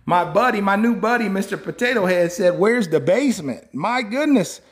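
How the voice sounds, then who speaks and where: High-voiced playful man chatting live. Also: lively intonation, moderate pace, no room sound, studio quality. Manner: playful, teasing, laughs often, repeats himself; folksy, warm sign-offs to viewers. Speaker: cabin salesman hosting a live stream. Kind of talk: casual live-stream chat to viewers.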